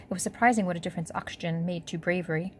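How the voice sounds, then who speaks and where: A woman reading an audiobook in a steady, measured storytelling manner. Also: on the low side, a little hiss or hum. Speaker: audiobook narrator. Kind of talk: scripted narration.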